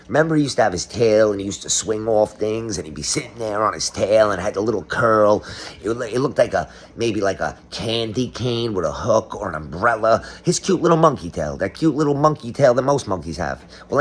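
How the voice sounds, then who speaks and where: A man's voice: lowish voice, brisk, breathy edge. A middle-aged man doing a comedic monologue, ranting sarcastically as if exposing a conspiracy. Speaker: comedic commentator.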